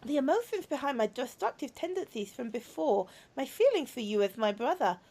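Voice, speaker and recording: A woman voicing a young, gentle robot girl in a visual novel, speaking softly and earnestly with a sorrowful, wistful tone. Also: sits high, big pitch swings, fairly quick, exaggerated voice. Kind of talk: reading a visual novel aloud.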